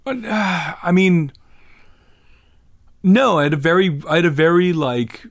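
A man's voice: high voice, measured pace. A middle-aged man musician from the United States, talking in a rambling, self-deprecating way with many restarts. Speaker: musician guest. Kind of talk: conversational interview.

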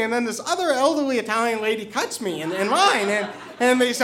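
A man with a strikingly high voice tells a personal story, tripping over his words and repeating himself as he goes. He chuckles lightly along the way. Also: expressive, brisk, pushed and bright. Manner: stammering, repeats words, chuckles through the telling.

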